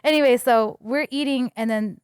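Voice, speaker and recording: A young adult woman, a podcast guest, retelling a story in a casual, animated way with lots of fillers. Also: fairly high pitch, moderate pace, clean tone, no room sound, studio quality.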